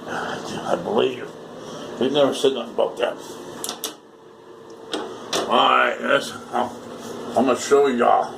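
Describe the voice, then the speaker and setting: Gravelly, foul-mouthed man rambling on camera. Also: mid-range voice, fairly even intonation, measured pace, pauses often, background noise. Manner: rambling, repetitive, swears a lot and jokes around. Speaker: vlogger. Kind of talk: casual off-the-cuff vlog.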